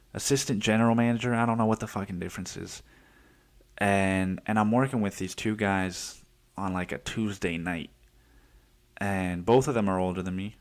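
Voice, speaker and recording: A man in his twenties telling a heated workplace story on his podcast, swearing often and acting out what people said. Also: fairly low pitch. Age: 20s. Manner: profane, heated, acts out quotes. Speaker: podcast host. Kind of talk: casual storytelling monologue.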